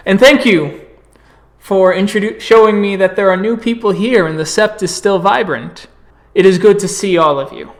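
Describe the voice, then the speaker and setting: A man's voice: high-pitched, a bit bright, exaggerated voice. A man voicing a travelling werewolf elder who addresses a gathering in a formal, welcoming way.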